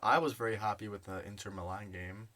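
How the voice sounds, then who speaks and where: A man's voice: fairly low pitch, fairly even intonation, a little fast, pushed and bright. A man co-hosting a casual sports podcast, hesitant and defensive, often restarting his sentences. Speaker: podcast co-host. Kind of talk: casual chat.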